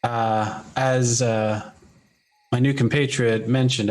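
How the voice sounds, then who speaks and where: A man role-playing his character in a tabletop game. He speaks dryly and formally, at a middle pitch. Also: normal speed, a little mellow. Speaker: player.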